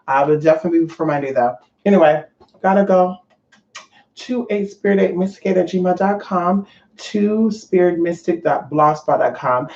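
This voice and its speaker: A woman's voice: fairly low pitch, moderate pace, a little mellow. A woman vlogger talking to her viewers in a brash, profane, rambling rant. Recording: roomy, dull lo-fi sound.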